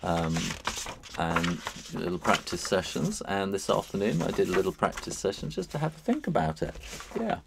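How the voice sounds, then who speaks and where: Chatty man with a lively, swooping voice. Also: deep voice, normal speed, creaky, noisy background. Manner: rambling and chatty, chuckles often, many fillers. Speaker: illustrator hosting a live drawing stream. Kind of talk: live drawing demo, chatting with viewers.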